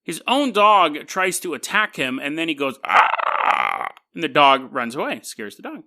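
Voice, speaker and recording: A man with a high, animated voice rambles through a story on his podcast. His tone is bright and keen, and his delivery is wry and skeptical, with laughing asides. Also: normal speed. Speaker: podcast host. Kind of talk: casual storytelling monologue.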